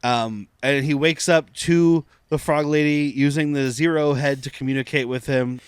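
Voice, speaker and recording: A man's voice: a little high, fairly even intonation, normal speed, clear, resonant tone, no echo, studio quality. A man co-hosting a podcast, recapping an episode in loose chat, laughing often and swearing casually. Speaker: podcast co-host.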